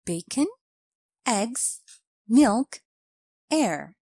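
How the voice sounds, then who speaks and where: A woman narrating a scripted grammar lesson with a slow, clear instructional delivery. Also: a little high, sing-song, warm tone, dry recording. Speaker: English teacher.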